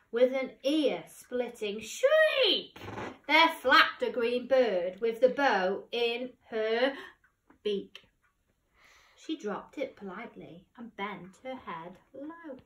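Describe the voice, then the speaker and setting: A woman teacher reading a picture book aloud, expressive, dropping to whispers and rising to loud cries. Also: fairly high pitch. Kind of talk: storybook read-aloud. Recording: roomy, distant mic.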